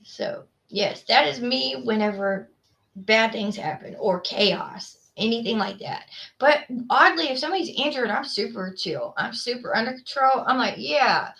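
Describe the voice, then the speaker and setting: A woman hosts a casual livestream, rambling through stories with plenty of ums and likes. Her voice is bright and a little high. She chats easily with her viewers. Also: expressive, normal speed, vocal fry. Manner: chatty, rambling, many fillers. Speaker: livestream host. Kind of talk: casual chat with live viewers.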